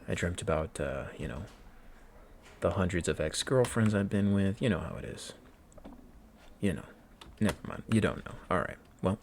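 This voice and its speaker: A man's voice: sits low, expressive, moderate pace, pauses often, a little mellow, slight background noise. A man chatting casually at home while studying and gaming, rambling with self-mocking asides. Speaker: vlogger studying for an exam.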